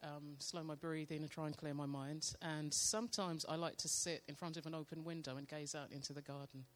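Soft-spoken woman leading quiet prayer. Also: low-pitched. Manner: slow, calm, soft-spoken, meditative. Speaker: church member sharing testimony. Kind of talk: devotional testimony with guided prayer.

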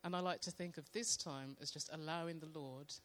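Woman sharing devotional testimony, slow and meditative in delivery. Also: sits low. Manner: slow, calm, soft-spoken, meditative. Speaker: church member sharing testimony. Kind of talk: devotional testimony with guided prayer.

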